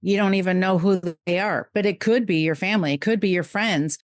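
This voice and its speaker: Middle-aged woman, podcast guest; heartfelt, rushing bursts, mid pitch, dry sound. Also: no room sound. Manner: earnest, emotional, talks in quick bursts. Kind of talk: heartfelt conversational interview.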